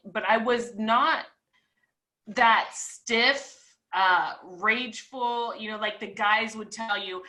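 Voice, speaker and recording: A woman co-hosting a podcast, speaking candidly and reflectively about staying calm, with fillers as she thinks. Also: mid-range voice. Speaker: podcast co-host, martial arts competitor. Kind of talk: casual podcast chat.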